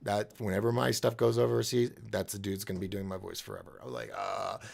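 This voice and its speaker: Hosting a relaxed live stream, a man reads chat comments aloud in a fairly low, gravelly voice at a quick pace. He rambles, restarts sentences and thinks aloud as he talks.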